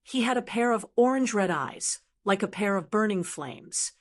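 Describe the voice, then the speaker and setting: A woman reading a fantasy novel aloud as an audiobook narrator, in a steady, even storytelling voice. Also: mid-range voice, moderate pace.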